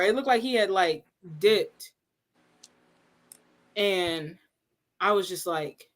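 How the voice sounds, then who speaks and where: A woman hosting a casual livestream, telling a story in an animated, laughing way and acting out what people said. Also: medium pitch, takes it slowly, pauses often. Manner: animated, laughing storyteller who acts out quotes. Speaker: livestream host.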